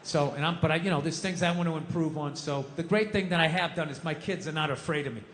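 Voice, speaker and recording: A middle-aged male stand-up comedian ranting profanely and rapid-fire on a live theater stage, into a handheld mic. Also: fairly high pitch, fairly bright tone, long reverb tail, slight background noise.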